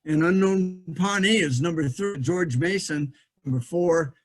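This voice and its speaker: A man's voice: on the high side, a little slow. A middle-aged man giving a history lecture from slides, thinking aloud with frequent fillers and restarts.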